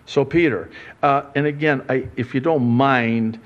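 A man preaching a sermon as pastor, conversational and playful, with lively asides and acted-out quotes. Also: medium pitch, a little slow, muffled recording. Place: church sanctuary.

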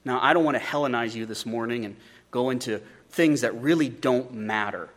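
A man's voice: medium pitch, brisk. A male pastor preaching a sermon in an earnest way, often repeating words as he starts a phrase.

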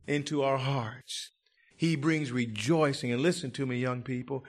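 A male preacher delivers an evangelistic sermon in a voice of ordinary middle pitch. He swings between fervent, shouted exclamations and hushed, pleading appeals to his listeners. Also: normal speed. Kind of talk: evangelistic sermon and altar call.

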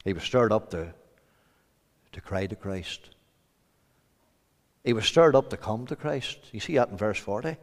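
A Northern Irish man preaching an evangelistic sermon, swinging from quiet low lines to loud shouted emphasis. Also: animated, a little slow, long pauses. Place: church hall. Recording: hall reverb.

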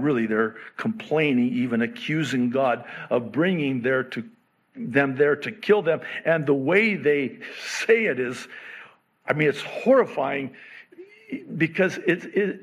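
A man preaching a sermon, slow and emphatic, with sudden rises in pitch on key words. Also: gravelly. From half Egyptian father. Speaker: pastor.

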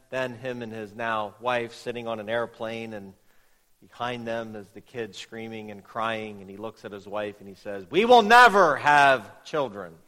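A pastor delivering a sermon, moving from telling a story to emphatic preaching with repeated phrases. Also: male voice, fairly low pitch, fairly bright tone. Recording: long reverb of a hall.

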